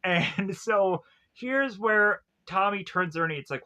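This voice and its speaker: A man's voice: high voice, measured pace, sharp tone. A young man casually recapping TV episodes, rambling with many fillers and frequent chuckles. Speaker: TV show reviewer.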